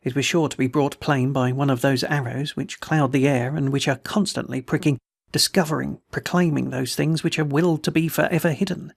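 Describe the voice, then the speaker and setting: Gravelly male audiobook narrator. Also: mid-range voice, steady tone, brisk, dry recording, clean studio sound. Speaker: audiobook reader. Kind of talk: scripted narration.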